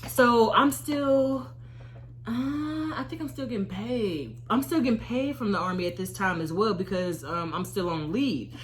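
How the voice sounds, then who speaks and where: A woman in her thirties, an Army veteran, telling a storytime vlog in an animated, expressive way and acting out her own reactions. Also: on the high side, a little slow, a little hiss or hum.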